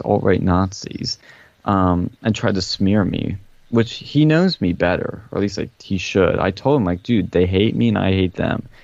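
A man's voice: low-pitched, creaky, a little mellow, dry recording. A man retelling a story in casual podcast chat, rambling and profane, with dull, dry lo-fi audio. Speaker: guest telling a story.

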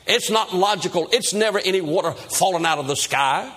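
Skeptical man mocking a prophet, played by a preacher, high and huffy, husky edge. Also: animated, brisk, fairly bright tone, full character voice. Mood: scornful. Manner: indignant and dismissive.

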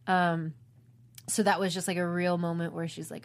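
A young woman with a slightly low voice talks casually about playing a role. She tells stories with lively quoted lines and laughs often. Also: normal speed. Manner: laughs often, animated storytelling with acted quotes. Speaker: actress discussing her role. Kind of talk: casual chat.

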